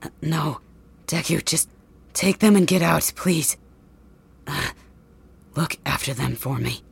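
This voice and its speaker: Woman doing a hurt young hero guy, low breathy whisper, short-tempered, slow and dry. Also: heavily acted. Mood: weak, tender. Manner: curt, insults people. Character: brash injured young male hero, gruff. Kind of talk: whispered role-play.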